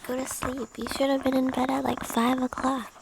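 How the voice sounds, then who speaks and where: A woman streamer in whispered ASMR chat, soft and playfully teasing. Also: high voice, level tone, a little fast, gravelly, noisy background.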